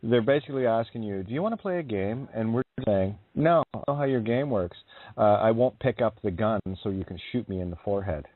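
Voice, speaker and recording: A man's voice: lowish voice, lively intonation, brisk, dry recording. A man co-hosting a call-in radio show, speaking bluntly and emphatically. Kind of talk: casual radio call-in chat. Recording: tinny phone line, dry.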